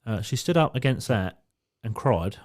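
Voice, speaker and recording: A man's voice: lowish voice, normal speed. Sweary man telling a story. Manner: swears freely, animated storytelling. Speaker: podcast co-host. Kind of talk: casual storytelling chat.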